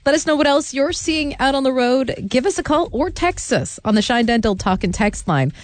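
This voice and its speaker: A woman reading a traffic report on the radio, clear and brisk. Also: high-pitched, expressive, dry recording.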